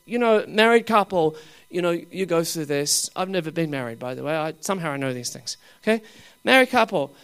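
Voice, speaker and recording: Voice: mid-range voice, a little fast, clear, resonant tone. A preacher giving a humorous sermon, asking the crowd questions and laughing often. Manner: swings between loud exclaiming and dropping to quiet asides.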